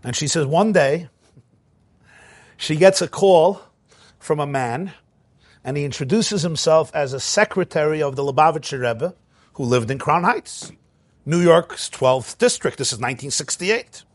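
A man giving a storytelling lecture, recounting events with animated emphasis and acting out quoted dialogue. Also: on the high side, measured pace, no room sound.

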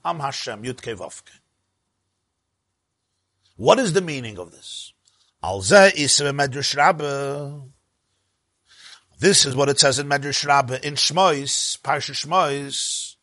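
Emphatic rabbi, high and bright. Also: male voice, unhurried, pauses often, no echo. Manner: emphatic, rises and drops sharply for stress. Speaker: rabbi teaching Torah. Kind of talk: Torah lesson.

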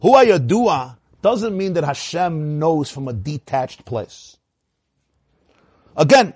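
A man giving an animated lecture on Hasidic teaching as a Torah teacher, firing rhetorical questions and often laughing. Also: on the high side, slow pace, husky, no echo, clean studio sound.

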